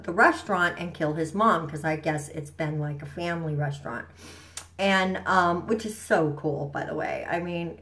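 A woman's voice: fairly low pitch, a bit bright. Chatty woman rambling through a show recap. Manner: chatty, rambling, enthusiastic, with frequent fillers and slang. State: stuffy from allergies. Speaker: vlogger.

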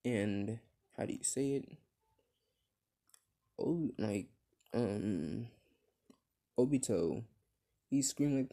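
A man's voice: mid-range voice, expressive, slow, pauses often, warm tone. A man casually retelling his own fan story, rambling with many fillers and restarts, and swearing when he slips.

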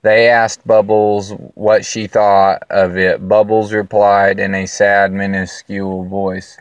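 A man's voice: on the low side, little pitch movement, clear, resonant tone, no echo, highs cut off. A tired young man reading his own story aloud, stumbling and restarting as he loses his place. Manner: halting, with restarts and lost places. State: tired from lack of sleep.

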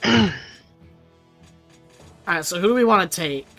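A man's voice: high-pitched, animated, measured pace, creaky, pushed and bright, faint music behind. A man guiding a friend through a let's-play, explaining the game and reading some lines in a casual, rambling way. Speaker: gaming video co-host guiding the playthrough.

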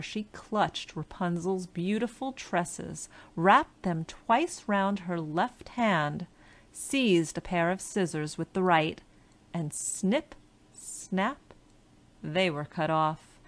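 A woman narrating a fairy-tale audiobook in a slow, clear storytelling manner. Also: fairly low pitch. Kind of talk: scripted fairy-tale reading.

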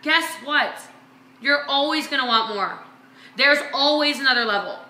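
Bright, high-voiced woman coaching emphatically. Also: moderate pace, reverberant. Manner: energetic, emphatic, repeats phrases for effect. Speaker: business coach and vlog host. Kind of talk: motivational talk to her sales team.

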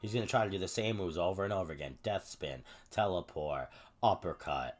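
A man streaming a fighting game, cursing at his opponent and calling out his button inputs in quick bursts. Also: low voice, faint music behind. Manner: profane, yelling at the opponent. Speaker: gamer streamer. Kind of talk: live gameplay commentary.

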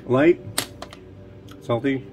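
Slow-talking male cooking host, rambling and wry, music clearly underneath. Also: medium pitch, darkish tone, dull audio. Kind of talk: casual chat while cooking.

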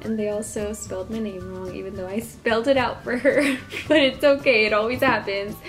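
A young woman from Texas chatting casually as a vlogger, friendly and quick to laugh, reviewing a drink. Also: mid-range voice, steady tone, fairly bright tone, faint music behind. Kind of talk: casual product review vlog.

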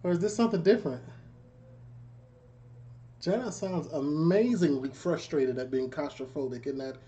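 A man's voice: a little high, moderate pace, dark tone. A man from Chicago, hosting a reaction video with blunt, joking, incredulous commentary. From Chicago, USA.

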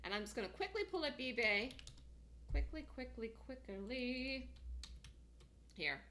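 A woman teaching day trading on a screen share, excited and emphatic, often repeating herself. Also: high-pitched, unhurried, a little hiss or hum. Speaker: trading instructor.

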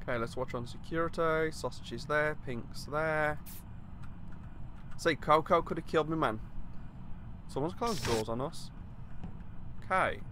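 A man's voice: on the high side, noisy background. A young man giving nervous, jumpy live commentary over a video game. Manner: jumpy and nervous, frequent panicked outbursts. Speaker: gaming YouTuber.

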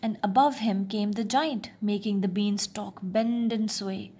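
A woman reading a children's fairy tale aloud in a soft, expressive, often half-whispered way. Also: mid-range voice, measured pace, breathy edge. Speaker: storyteller. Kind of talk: storybook narration.

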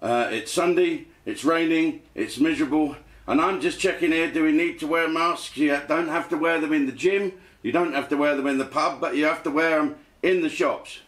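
A man's voice: on the high side, moderate pace, a bit bright. A man hosting a comedic rant from his home den, crude and rambling, swearing freely. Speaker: host.

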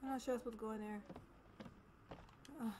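Woman gamer, casual let's-play talk, jumpy and exclaiming, slightly high voice, noisy recording. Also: fairly even intonation, quick pace. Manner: jumpy, exclaiming, repeats herself when nervous. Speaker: gamer streaming a horror game. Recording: noticeable background noise.

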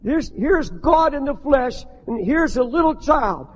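An older man preaching a sermon as a pastor, impassioned, rising to shouts, with many restarts. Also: very high-pitched, lively intonation, measured pace, few pauses, a little hiss or hum. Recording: dull archival recording in a long-echo hall.

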